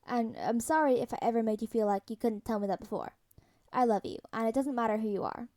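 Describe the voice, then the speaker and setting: A woman's voice: a little high, fast, mellow, lightly acted. Tony, a woman reading as a brash fatherly man. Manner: teasing, rambling, protective.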